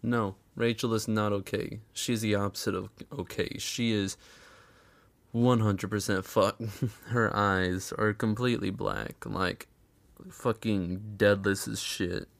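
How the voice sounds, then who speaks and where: Gravelly, sarcastic man narrating a recap. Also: lowish voice, steady tone, slow pace. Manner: sarcastic, swears a lot, chuckles often. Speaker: recap commentator. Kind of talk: casual profane recap commentary.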